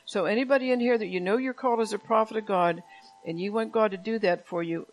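A woman's voice: medium pitch, quick pace, poor audio. Woman preaching a plain conversational sermon. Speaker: pastor. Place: church.

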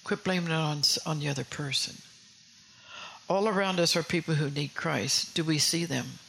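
A woman's voice: deep voice, moderate pace, vocal fry, a bit bright, slight background noise, low-quality recording. A woman preaching a sermon in an earnest way, often repeating and restarting phrases and putting questions to her listeners.

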